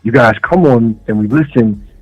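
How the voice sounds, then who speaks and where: A man calling in to a talk radio show, a little hoarse, speaking earnestly and often asking "you see what I'm saying". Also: medium pitch, moderate pace, a little mellow. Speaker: caller. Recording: dull lo-fi phone call.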